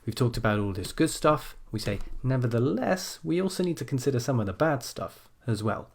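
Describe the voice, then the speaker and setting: A man teaching an essay-writing lesson, calmly explaining and stressing key phrases as he types. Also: mid-range voice, fairly quick, gravelly. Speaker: language teacher.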